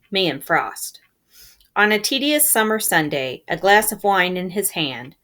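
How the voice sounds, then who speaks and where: A woman with a lowish voice reads a novel aloud. She tells the story in a calm first-person manner, at an even, unhurried pace. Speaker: reader.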